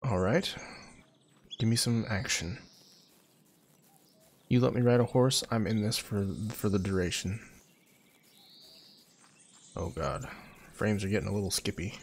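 A man's voice: on the low side, slow pace, creaky, pauses often. A man hosting a gaming channel, giving joking, sarcastic commentary while he plays. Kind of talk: let's-play commentary.

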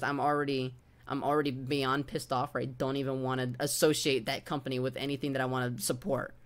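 A man's voice: fairly high pitch, fairly bright tone. Angry, profane man venting on stream. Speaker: gaming streamer. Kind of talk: live-stream rant.

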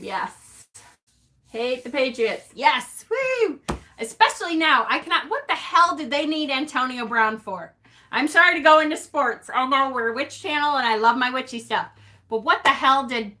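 Bright-voiced chatty woman streamer. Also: a little high. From North Carolina. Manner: chatty, teasing, laughs often, swears. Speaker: witchy livestream host. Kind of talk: casual live-stream chat reading comments.

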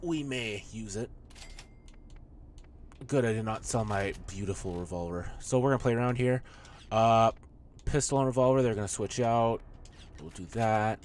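A man's voice: lowish voice, moderate pace, pauses often, a little mellow, a little hiss or hum. A man playing a video game and joking through it, swearing and talking back at the characters. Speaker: gamer. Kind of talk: let's play commentary.

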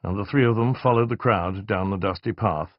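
A man narrating a fantasy novel in a measured, expressive reading. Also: on the low side, dry recording, muffled recording. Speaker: audiobook narrator. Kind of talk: scripted narration.

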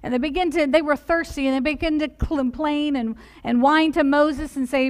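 A woman preaching a sermon in a church, earnestly putting direct questions to her listeners and softening her voice for the gentle points. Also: high-pitched, steady tone, normal speed, hardly any pauses. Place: church sanctuary.

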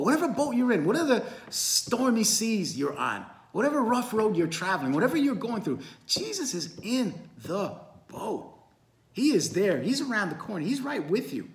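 A man's voice: high-pitched, big pitch swings, fairly quick. Earnest man teaching the Bible, echoey room. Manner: earnest and encouraging, addresses listeners as friends.

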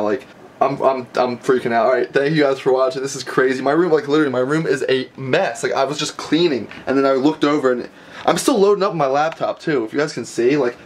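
A man's voice: mid-range voice, slight background noise. A young man vlogging casually from a messy bedroom, rambling and stammering with lots of restarts. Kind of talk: casual vlog to camera. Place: messy bedroom being packed up.

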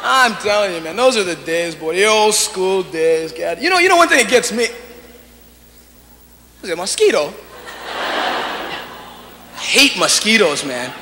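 His voice is high, bright and forceful, with a sing-song lilt, delivered a little slowly with long pauses. He's a male standup comedian with a Hawaiian Pidgin accent, chatty and repeatedly asking the audience "you know?", captured in a live stage recording with reverb and noise.

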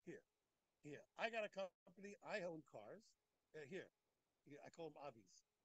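A man teaching a daily Talmud class, animated and talking in quick restarts, repeating phrases as he works through the text. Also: a little high, slightly rough, low-quality recording. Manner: animated, repeats phrases, acts out the text's speakers. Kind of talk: daf yomi Talmud class.

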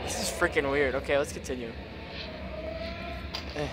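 A man's voice: medium pitch, fairly even intonation, moderate pace, rough recording. A young man playing a horror game with a friend, jumpy and giggly, often mumbling his comments. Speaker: co-player. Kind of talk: casual gaming banter.

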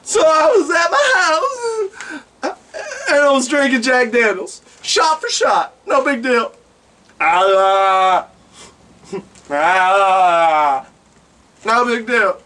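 A man voicing a distraught young stoner man who wails and sobs in a tearful, drawn-out way. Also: very high voice, very animated, sharp tone, distant mic, full character voice. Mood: sobbing.

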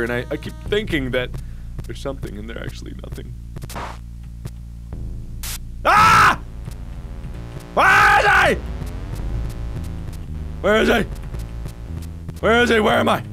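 A man giving excitable, panicky horror game commentary, often yelling and mocking himself as he talks to himself. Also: high-pitched. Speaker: let's-play host.

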